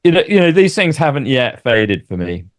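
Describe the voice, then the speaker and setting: Male podcast guest, mid-pitched voice, reflective, self-deprecating, casual chat. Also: big pitch swings, moderate pace.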